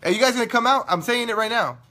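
Young socal guy hosting his online radio show, bright high voice, loud, cussing, cracking jokes. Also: fast. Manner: loud, profane, joking, laughs often. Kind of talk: casual live-stream chat with viewers.

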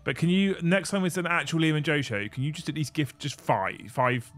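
A man's voice: fairly high pitch, fairly quick. Chatty man hosting a livestream. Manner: chatty, thanks viewers, bursts of excitement. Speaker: livestream host. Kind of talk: casual livestream chat while building models. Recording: faint music behind.

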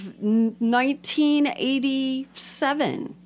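A woman's voice: sits high, takes it slowly, a crowd in the background. A woman co-hosting a podcast, chatting casually in a playful, jokey way and laughing often. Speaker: podcast co-host. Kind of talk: casual chat.

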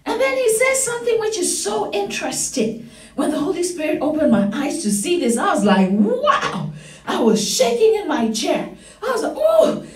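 A woman pastor preaching a sermon, growing excited and breaking into shouts and laughter. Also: very high-pitched, brisk. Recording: roomy church hall, voice from far off.

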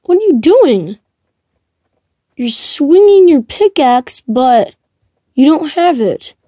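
Woman gamer, high and lively voice, dry close mic, slow puzzled commentary. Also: no room sound. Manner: excitable, shrieks and laughs when chased. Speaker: gamer streaming live play. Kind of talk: reactive gameplay commentary.

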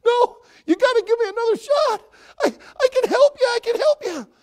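A man's voice: very high-pitched, animated, brisk, a little mellow, pitched above the performer's own voice. A man voicing a desperate circus clown who begs and stammers to keep his job, in a joke told during a sermon. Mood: frantic. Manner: frantic, stammering, begging.

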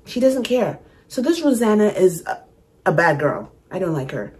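A woman's voice: lowish voice, big pitch swings, normal speed, darkish tone. A woman chatting casually as she reacts to a song, restarting her sentences and humming riffs aloud. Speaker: music reaction YouTuber. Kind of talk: casual first-listen reaction chat.

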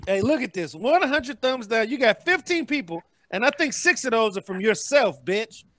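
A man's voice: very high-pitched, expressive, moderate pace, a bit bright, slight background noise. A man on a group call, mocking the host and egging listeners on in crude banter. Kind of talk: crude trash-talk banter.

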